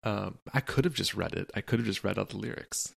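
A man's voice: lowish voice, brisk, vocal fry, slightly rough, no echo. A young man co-hosting a podcast, rambling loosely and cracking crude jokes. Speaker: podcast co-host. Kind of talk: casual chat.

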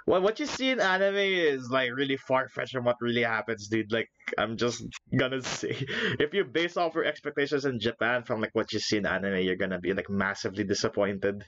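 A young man co-hosting a podcast, chatting casually, swearing a lot, laughing, and telling stories in an animated way. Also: mid-range voice, fairly quick, few pauses, dry recording, dull audio. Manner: profane, laughing, animated storyteller. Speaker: podcast co-host. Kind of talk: casual chat.

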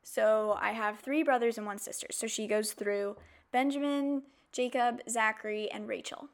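A woman hosting a podcast, telling personal stories in a casual, animated way, with playful asides and mock outrage. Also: a little high, normal speed. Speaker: podcast host. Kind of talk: casual chatty monologue.

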